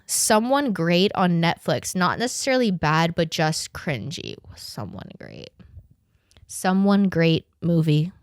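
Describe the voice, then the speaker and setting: This podcast host, a woman in her twenties, has a voice on the low side, recorded at studio quality with no room sound. The chat is casual and animated, full of swearing and laughter, and she reads aloud in a halting way.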